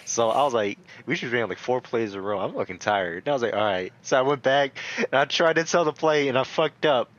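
A young man in a loose, casual chat, telling stories and breaking into laughter along the way. His voice sits at an ordinary middle pitch. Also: fairly quick, few pauses, a bit bright, lo-fi sound.

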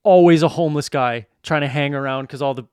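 A man's voice: on the high side, fast, darkish tone, smooth, no room sound, studio quality. A man co-hosting a podcast, telling rambling, swearing stories and laughing hard at them. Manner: laughs often and hard mid-story. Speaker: podcast co-host. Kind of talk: casual banter, storytelling.

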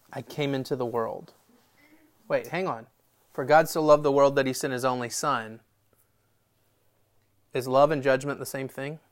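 A man's voice: medium pitch, gravelly. A man preaching a sermon in a loose, conversational storytelling manner. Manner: conversational, storytelling with voiced quotes and laughs. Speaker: pastor.

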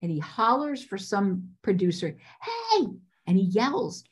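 On a podcast interview, a woman casting director tells stories in a lively, animated way, acting out the voices of the people she quotes. Her voice is husky and mid-range, and she speaks at a moderate pace.

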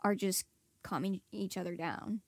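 A woman co-hosting a podcast in casual chat, easygoing and quick to laugh and agree. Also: mid-range voice, fairly even intonation, dry recording. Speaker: podcast co-host.

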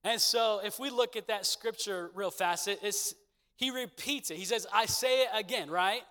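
A man's voice: sits high, moderate pace, pushed and bright, clear, resonant tone. A young man preaching a sermon in a church and calling for responses from the congregation. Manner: preaching with call-and-response, repeated catchphrases. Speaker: pastor. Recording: long echo of a big hall.

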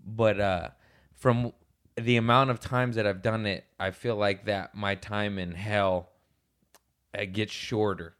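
Animated man swapping drug stories. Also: lowish voice, slow pace, clean tone. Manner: animated storyteller, acts out voices, swears freely. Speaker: podcast guest. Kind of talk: casual chat.

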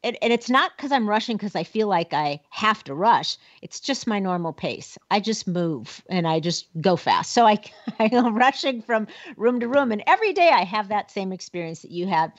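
A woman co-hosting a casual talk show, upbeat and energetic and laughing often as she talks. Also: mid-range voice, normal speed, hardly any pauses, dry recording, lo-fi sound. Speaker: podcast co-host. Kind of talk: casual chat.

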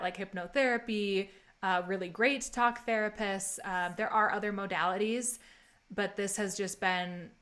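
A woman who is a guest on a podcast, talking in a thoughtful, searching, soft-spoken way. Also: mid-range voice. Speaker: podcast guest, health coach. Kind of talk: casual podcast conversation.

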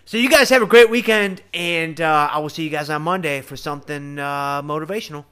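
A slightly high voice, brisk, clear and resonant, belongs to a podcast host with a Southern US drawl. Earnest and animated, he chats casually about faith and speaks directly to his audience.

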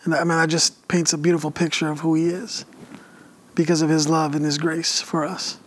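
A man speaking earnestly and haltingly about his faith in a conversation. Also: on the high side, flat delivery. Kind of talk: casual chat.

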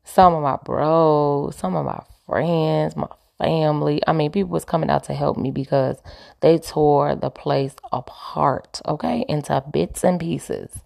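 Gravelly low-voiced woman telling her story. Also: darkish tone. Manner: emphatic, repeats points, preachy asides. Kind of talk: candid storytelling.

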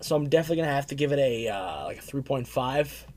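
A man's voice: mid-range voice, animated, quick pace, darkish tone. A young man co-hosting a casual comic book review chat, rambling with lots of fillers and laughs. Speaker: comic book podcast co-host.

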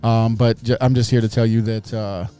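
Relaxed joking man, mellow voice. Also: on the low side, normal speed, clean tone, soft background music. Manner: loose, joking, lots of restarts. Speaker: co-host. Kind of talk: casual chat.

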